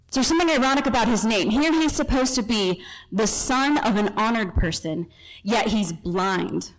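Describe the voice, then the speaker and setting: A woman's voice: mid-range voice, poor audio. A woman teaching a Bible passage in a chatty, storytelling way, correcting herself in passing and acting out the people in the story. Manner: chatty asides and self-corrections.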